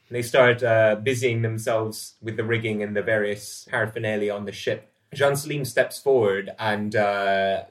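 A man narrating as game master of a tabletop game, relaxed and halting. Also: lowish voice. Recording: roomy, distant mic.

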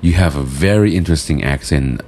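A man's voice: extremely low pitch, a little fast, darkish tone. A man chatting casually on a podcast, laughing often and swearing loosely.

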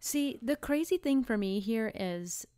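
A woman's voice: on the high side, lively intonation, dark tone, clean tone. A woman co-hosting a tech podcast, chiming in with short comments in casual chat. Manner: brief interjections and quick comments. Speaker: podcast co-host.

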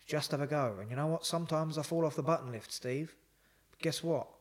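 A man, a psychotherapist guest telling a lively story in a casual interview. He swears and laughs as he talks. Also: a little high, a little fast.

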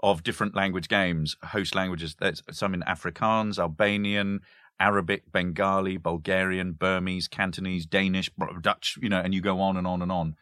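This clean studio recording has no room sound and captures a deep-voiced male history professor speaking at normal speed. He chats casually about language games, animated, giggling, and restarting hesitantly.

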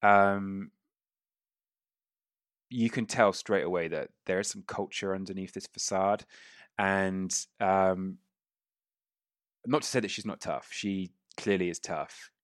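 A man's voice: low voice, fairly even intonation, slow, long pauses, no room sound, studio quality. A man narrating a tabletop game as game master, rambling with many fillers and restarts.

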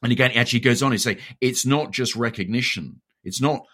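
A man's voice: mid-range voice, fast, a bit bright. A man with an English RP accent in a conversational discussion, thoughtful and often searching for words.

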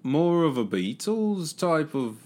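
A man's voice: fairly high pitch, big pitch swings, slow pace, mellow. A young man co-hosting a podcast in casual chat, chuckling, swearing and making fun of himself. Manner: chuckling, swearing, self-deprecating. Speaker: podcast co-host.

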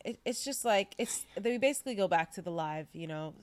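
A woman's voice: mid-range voice, lively intonation, a little fast, no echo. Hesitant, rambling woman podcast co-host. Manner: rambling, hesitant, many restarts and fillers. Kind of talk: casual chat.

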